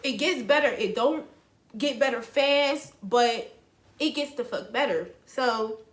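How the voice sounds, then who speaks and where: A woman's voice: on the high side, takes it slowly, echoey room. A young woman, telling a raw personal story to her viewers, blunt and emotional and swearing freely. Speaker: vlogger. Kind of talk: candid storytelling to camera.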